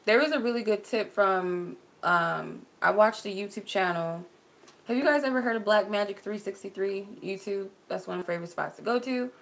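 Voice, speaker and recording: A woman from Arizona, working as a spiritual reader, chats casually on a livestream and answers viewers. Her voice is on the low side with a fairly bright tone; she laughs easily and says "like" a lot.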